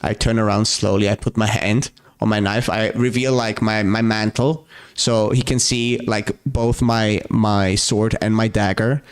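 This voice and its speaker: A man playing a tabletop game, haltingly describing his character's actions. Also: fairly low pitch, fairly even intonation, clear, resonant tone. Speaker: player.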